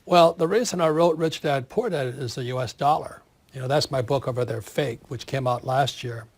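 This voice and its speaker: Being interviewed, this author, a man in his 70s, talks at a moderate pace in a medium pitch. He's energetic and emphatic, leaning on repeated words for emphasis.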